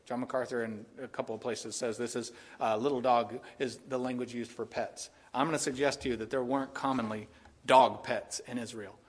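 A man's voice: mid-range voice, fairly even intonation, brisk. A man preaching an expository sermon, earnest and full of questions for his listeners. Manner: earnest, asks the audience rhetorical questions. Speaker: pastor.

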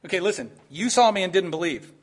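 A man's voice: high voice, fast. A male pastor preaching an expository sermon in a conversational way, often checking in with "right?" and growing emphatic as his point builds.

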